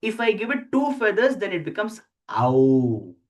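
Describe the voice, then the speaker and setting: Slow teacher. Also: medium pitch, sing-song. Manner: slow, deliberate, repeats sounds aloud for practice. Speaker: Sanskrit teacher. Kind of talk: explaining script while writing letters.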